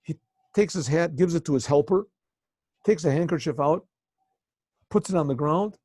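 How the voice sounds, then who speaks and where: A man, a rabbi, telling a story in a casual lesson, often clearing his throat, over a video call. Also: a little high, normal speed, dark tone, no room sound, clean studio sound.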